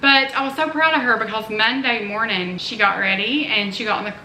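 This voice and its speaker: Middle-aged woman, chatty vlogging mom, bright forward tone, roomy echo. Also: on the high side, a little fast. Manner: chatty, earnest, rambling asides. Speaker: family vlogger, mother. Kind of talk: casual chatty vlog. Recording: roomy echo, faint background noise.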